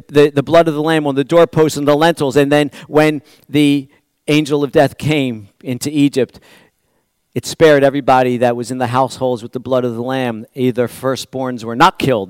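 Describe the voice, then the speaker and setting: A man gives a church sermon in an easygoing, rambling manner, often restarting and repeating phrases. His voice sits a bit high for a man. The sound is close and dry. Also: darkish tone, clear, resonant tone, no room sound. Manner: conversational, rambling with restarts and repetitions. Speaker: pastor.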